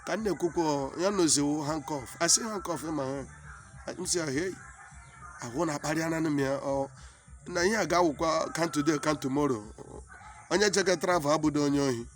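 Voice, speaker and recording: A high-pitched Nigerian man tells a comic story in pidgin English, his Igbo roots showing through. He talks in an animated, exclaiming way and often repeats himself. Soft music plays faintly behind him. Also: moderate pace.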